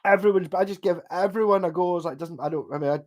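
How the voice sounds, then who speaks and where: Chatting casually with viewers on his stream, a man from Scotland with a softened Glaswegian accent reacts to their comments, meandering, restarting, swearing here and there and slipping in laughs. He speaks fast in a high voice, and the audio sounds dull.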